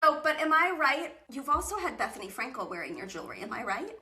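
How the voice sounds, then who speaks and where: Bright high-voiced chatty woman host. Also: big pitch swings, fast. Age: middle-aged. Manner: enthusiastic chatty storyteller. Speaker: podcast host. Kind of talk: casual podcast conversation.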